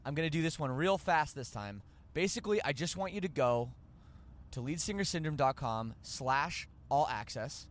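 A man hosting a podcast, rambling and joking as he corrects himself mid-sentence. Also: fairly high pitch. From Canada. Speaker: podcast host. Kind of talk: casual podcast chat.

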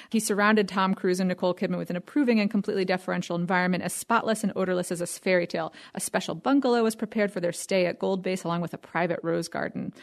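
A woman's voice: lowish voice, gravelly. A woman on a discussion panel talking about a book, using "you know" and "um" often. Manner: quick, with "you know" and "um" fillers. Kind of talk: casual discussion.

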